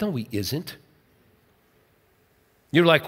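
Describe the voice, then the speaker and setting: A pastor preaches to his church, and the man's voice sits fairly high. He talks in a casual way but presses hard on his points, slipping into other people's voices when he quotes them. His voice rings out through a large hall with a long reverb. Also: animated, normal speed, pauses often, fairly bright tone, husky. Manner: conversational, emphatic, acts out quoted voices. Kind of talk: sermon.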